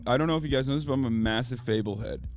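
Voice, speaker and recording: A man's voice: mid-range voice, racing, faint music behind. A man in his early thirties chatting casually and rambling to his stream audience. He is sick and curses freely. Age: 30s. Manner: rambling, profane, restarts and trails off. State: sick, stuffy.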